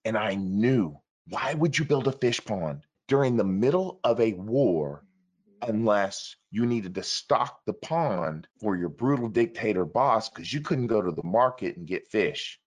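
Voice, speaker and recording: A man telling a story in an interview, earnest and urgent, acting out the dialogue of the people in it with big jumps in pitch and loudness. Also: a little slow. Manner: animated, acts out quoted dialogue with big shifts in pitch and loudness.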